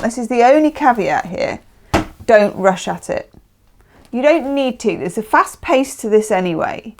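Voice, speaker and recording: A woman's voice: medium pitch, slight background noise. A woman giving a casual, chatty tarot reading, emphatic and often checking in with the listener. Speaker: tarot reader.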